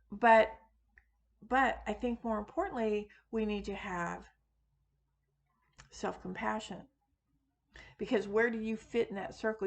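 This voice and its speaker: Woman host, unscripted chat to camera, unhurried delivery, lots of ums and self-corrections. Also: medium pitch, vocal fry. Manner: rambling, frequent fillers and restarts, self-deprecating. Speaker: witchcraft video host; teacher of classes. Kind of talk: casual unscripted monologue.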